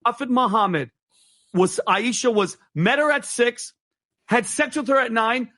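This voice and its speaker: A man with a high voice argues heatedly on a talk show. He talks fast and emphatically, restarting his sentences as he pushes his point. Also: pushed and bright.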